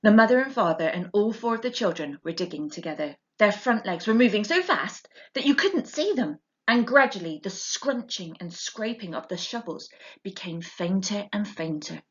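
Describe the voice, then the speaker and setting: A woman reading a children's book aloud in an expressive, animated way, heard through a dull lo-fi recording. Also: mid-range voice, normal speed. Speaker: storyteller.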